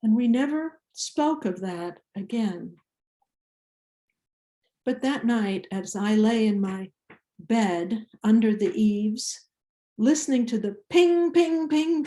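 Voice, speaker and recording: An older woman from Iceland with an Icelandic accent, telling a personal story in a slow, deliberate way with small restarts. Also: mid-range voice, warm tone, reverberant. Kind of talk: personal story told to an audience.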